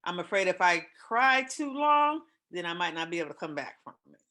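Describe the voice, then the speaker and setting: A woman in her fifties hosting a casual talk show, telling personal stories in an emotional, expressive way. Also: fairly low pitch, a little fast. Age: 50s. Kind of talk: casual chat.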